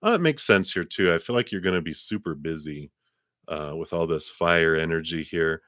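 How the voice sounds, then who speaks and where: A man's voice: low-pitched, normal speed, a bit bright, no room sound, clean studio sound. A middle-aged man giving a live tarot reading to a viewer, musing aloud with frequent chuckles and repeated words as he searches for the right ones. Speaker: tarot card reader.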